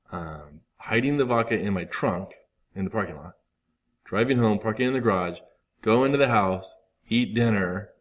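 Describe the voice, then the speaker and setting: Man, 30s, low-pitched, rambling candid recovery talk with acted-out asides. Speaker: recovery group speaker.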